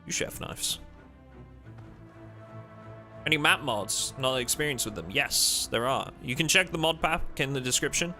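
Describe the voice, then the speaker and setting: A man's voice: mid-range voice, measured pace, pauses often, pushed and bright, soft background music. A man chatting casually and jokily with viewers while playing a game on a livestream. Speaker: streamer.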